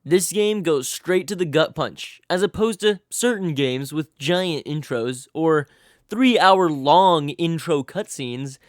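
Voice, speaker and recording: Young male game reviewer, sarcastic and crude, higher-pitched, close-miked. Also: unhurried, few pauses, no echo. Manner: sarcastic, hyped, crude jokes. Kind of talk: comedic scripted game review voice-over.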